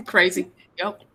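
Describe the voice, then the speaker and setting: A woman's voice: a little high, a bit bright. A woman in her forties, a parent chatting casually and laughing often as she retells family moments. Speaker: parent in a group chat. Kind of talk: casual chat. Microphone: phone app audio.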